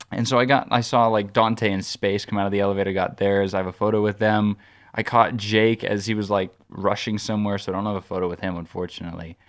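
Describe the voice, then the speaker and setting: A man co-hosting a podcast, telling a long anecdote in a casual, rambling way full of "like" and restarts. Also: on the low side. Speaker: podcast co-host. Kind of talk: casual storytelling chat.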